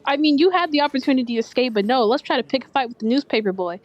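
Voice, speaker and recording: A woman with a fairly high voice playing a tabletop game with friends. She talks casually and drily, quick to needle the others with wry comebacks. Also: animated, lo-fi sound. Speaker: player.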